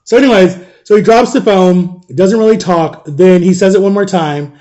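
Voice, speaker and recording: A man's voice: sits high, moderate pace, dark tone, muffled recording. A man in his thirties telling a personal story in a casual storytime vlog, animatedly retelling a conversation and quoting both sides of it.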